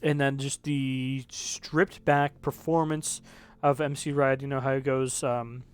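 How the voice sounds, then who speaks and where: A man's voice: medium pitch, flat delivery, unhurried, clean tone, faint music behind. A man reviewing songs in casual commentary, rambling and correcting himself, with the odd swear word. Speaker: music reviewer.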